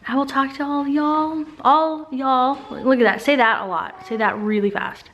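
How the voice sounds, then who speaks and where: A woman's voice: high voice, fairly even intonation, moderate pace, a bit bright, dull audio, slight background noise. A woman from Texas vlogging at home, chatting casually with lots of laughter as she tells stories. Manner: chatty, laughing often, storytelling. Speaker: vlogger, mother. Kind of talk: casual chat. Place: family home, indoors.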